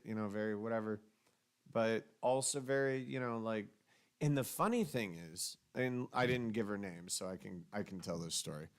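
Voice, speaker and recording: Animated young man telling stories. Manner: animated storyteller, jumps into high-pitched quoted voices. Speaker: podcast co-host. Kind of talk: casual podcast chat.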